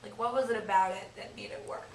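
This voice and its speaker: A young woman interviewing her grandmother, asking gentle, casual questions. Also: mid-range voice, fairly even intonation, fast talker, a little hiss or hum. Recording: roomy, distant from the mic.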